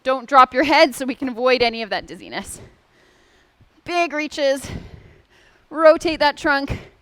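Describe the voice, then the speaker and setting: A woman's voice: sits high, expressive, unhurried, no echo. A woman instructor leading a seated and standing exercise class, giving upbeat, encouraging cues. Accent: Canadian.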